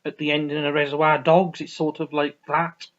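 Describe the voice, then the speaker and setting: A man's voice: a little high, flat delivery, normal speed, a bit bright. A man rambling through a casual film review, restarting sentences and swearing freely. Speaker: vlogger reviewing films. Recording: dull lo-fi recording.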